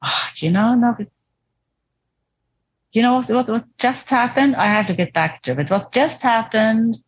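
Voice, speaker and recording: A woman as a therapy client, talking reflectively and hesitantly with restarts and soft laughs, over a video call. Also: a little high, unhurried, slightly rough, highs cut off. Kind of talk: therapy session talk.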